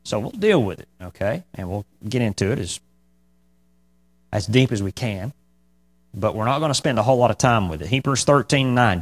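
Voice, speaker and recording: A man preaching a verse-by-verse Bible teaching, chatty, checking in with "okay?", turning loud and high when he presses a point, with dry sarcastic asides. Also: expressive, moderate pace. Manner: conversational, repeats "okay?" to the congregation.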